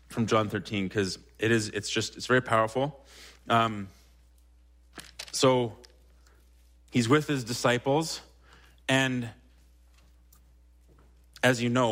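A man's voice: medium pitch, fairly bright tone. A young man preaching a sermon in a church, talking conversationally, tossing in frequent "right?" asides and rising animatedly when he quotes Peter. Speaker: pastor.

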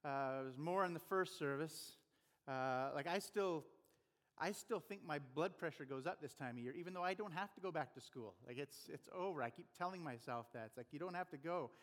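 A man's voice: on the high side, a little fast, a bit bright, in a large hall. A man preaching a sermon as a pastor, in an earnest, conversational way with rhetorical questions.

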